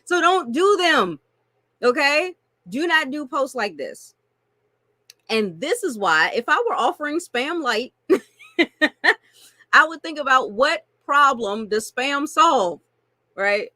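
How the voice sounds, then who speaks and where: A woman coaching on marketing in an animated, playful way, laughing often and addressing listeners as y'all. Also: high voice, slow pace, no echo. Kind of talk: teaching a marketing lesson with acted-out examples.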